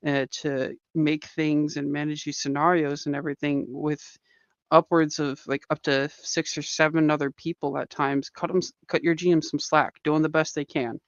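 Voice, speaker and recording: A man's voice: fairly high pitch, flat delivery, normal speed, dry recording, lo-fi sound. A man chatting casually about tabletop game masters, rambling with lots of "like" and "uh". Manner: rambling, fillers like "like" and "uh". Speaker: tabletop game player and stream guest. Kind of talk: casual podcast chat.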